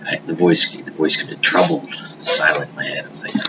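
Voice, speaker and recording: A man recorded on a webcam at home, telling a long, rambling personal story full of swearing that often drops into hushed murmurs. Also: low-pitched, huge pitch swings, fairly quick, gravelly, muffled recording. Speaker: vlogger. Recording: noisy hiss behind the voice.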